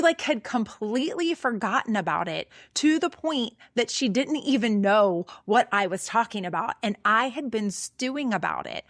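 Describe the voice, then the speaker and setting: A woman's voice: fairly high pitch, a bit bright, no room sound. Earnest middle-aged woman, dry close sound. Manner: earnest, conversational, many fillers. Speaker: podcast host. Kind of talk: personal storytelling monologue.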